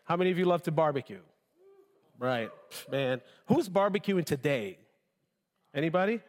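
A man preaches to his congregation and tells his own story. His voice sits a little high, and he calls out to the crowd as he goes. The sound carries the long reverb of a church hall. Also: moderate pace. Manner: storytelling, animated, addresses the congregation. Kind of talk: sermon with personal testimony.

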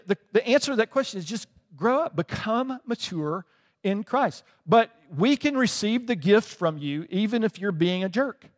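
High-voiced man preaching in a reverberant hall. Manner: conversational preaching with frequent "right?" asides. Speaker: pastor. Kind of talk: sermon.

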